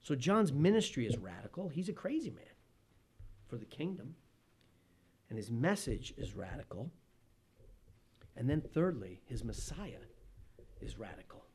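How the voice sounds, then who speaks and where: A man preaching a sermon as pastor, animated, swinging between loud emphasis and hushed tones. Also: medium pitch, a little slow, long pauses, slight background noise.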